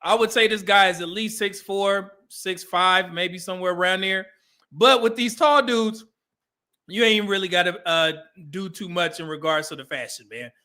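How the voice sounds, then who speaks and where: Bright high-voiced man reacting casually. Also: moderate pace. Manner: laughing, chatty, talks to the screen. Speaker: reaction streamer.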